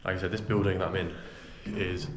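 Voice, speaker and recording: A young adult travel vlogger rambles chattily and makes fun of himself while filming around a town outdoors and while driving a car. His low voice is level in tone and a little fast, captured on noisy outdoor camera audio with street ambience and vehicle noise.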